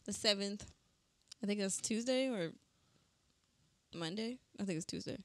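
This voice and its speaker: A woman's voice: medium pitch, unhurried, dry recording. Young woman, podcast co-host, playful casual chat, dry sound. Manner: playful, laughs often.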